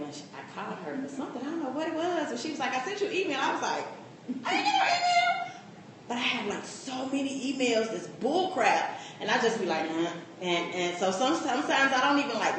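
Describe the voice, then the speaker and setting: A woman giving a casual, animated personal testimony at a coaching meeting. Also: medium pitch. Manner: casual, animated storytelling with laughter. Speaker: coaching client. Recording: echoey room with faint noise.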